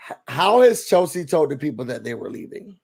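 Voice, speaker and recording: A man's voice: fairly high pitch, fairly quick, gravelly, husky. A man hosting a casual podcast chat, talking animatedly and acting out what others said. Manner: animated, acts out quotes of others. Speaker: podcast host.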